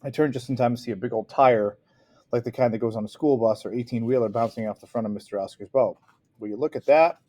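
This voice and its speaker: A man's voice: medium pitch, fairly even intonation, quick pace, mellow. A man reading a novel aloud in an unpolished way, with frequent restarts and small slips. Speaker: audiobook reader.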